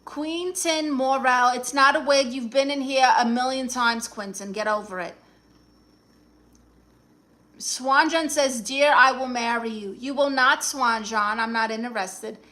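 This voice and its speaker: A woman doing a brassy Brooklyn aunt with a thick New York accent, sassy and quick with a comeback. Her voice sits fairly high and bright, with a bold, forceful edge. She chats into a phone live stream like a self-appointed therapist. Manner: sassy, quick comebacks, reads chat aloud. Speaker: live streamer reading viewer comments. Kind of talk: comedic improvised live stream.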